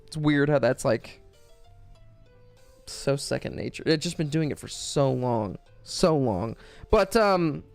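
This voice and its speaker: Ein junger Mann streamt ein Videospiel und plaudert ziellos, derb und voller Flüche vor sich hin. Seine Stimme hat eine mittlere Höhe, springt aber lebhaft auf und ab. Leise Musik liegt dahinter. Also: male voice, medium pitch, expressive, slow pace, gravelly, darkish tone, faint music behind. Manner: rambling, crude, profane, joking. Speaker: game streamer. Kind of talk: casual gaming stream chat.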